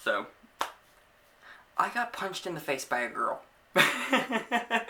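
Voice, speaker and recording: A man's voice: medium pitch, very animated, unhurried, gravelly, background noise. A young man vlogging a casual storytime to camera, laughing often and acting out the scenes as he tells them.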